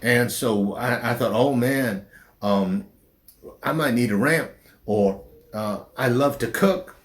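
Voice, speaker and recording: Middle-aged pastor guy, slight southern drawl, real slow and halting, lots of restarts. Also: mid-range voice. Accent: slight southern drawl since his stroke. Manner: slow, halting speech with restarts after a stroke. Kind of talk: personal interview.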